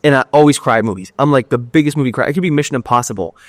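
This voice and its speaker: Young man, podcast host, casual storytelling, lots of filler words, medium pitch, dead dry room. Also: racing, no echo. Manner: rambling, heavy use of "like", candid and swearing.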